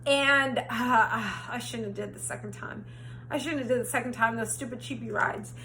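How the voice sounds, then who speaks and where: A high, bright young woman recounts a story in casual, animated storytime style. She swears freely and acts out her own past lines, close to the mic. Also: normal speed, a little hiss or hum. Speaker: storytime vlogger.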